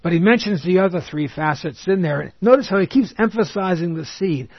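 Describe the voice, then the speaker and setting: A man giving a Bible teaching sermon, reading scripture slowly and emphatically and then explaining it in plain words. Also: high voice, expressive, slightly rough, no echo, lo-fi sound. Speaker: preacher.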